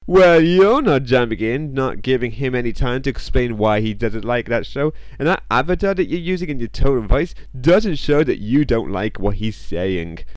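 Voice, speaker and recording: Sarcastic male commentator, lively and dry. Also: mid-range voice, moderate pace, hardly any pauses, no room sound. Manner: sarcastic, mocking. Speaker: commentary video host.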